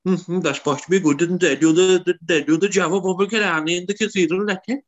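A man voicing a nosy, chatty old rural man with a Kerry accent, his voice raised high and full of stammered repeats. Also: steady tone, fast, dull audio. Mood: newsy. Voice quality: shrill and stammering, lots of repeated words.

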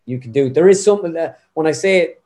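A young Irishman with a Midlands accent talks fast in a slightly high voice. He's a guest impressionist in a casual interview, and he's chatty, rambling and animated.

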